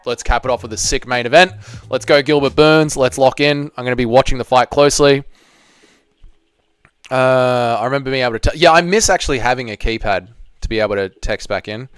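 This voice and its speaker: A man's voice: medium pitch, brisk, fairly bright tone, clean tone, dry recording. An Australian man in his thirties hosting a casual livestream watch-along, bantering with chat in a profane, joking way. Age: 30s. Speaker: livestream host. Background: faint background music.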